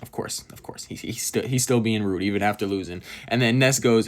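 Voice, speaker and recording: A lively, amused man recapping a manga chapter in casual chat. His voice sits on the low side, and he reads the characters' lines aloud between his comments. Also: brisk, few pauses.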